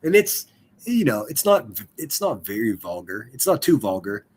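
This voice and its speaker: A man's voice: medium pitch, sing-song, moderate pace, darkish tone, slightly rough. A man chatting casually on a live stream, rambling and swearing, full of fillers and restarts. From Pittsburgh area.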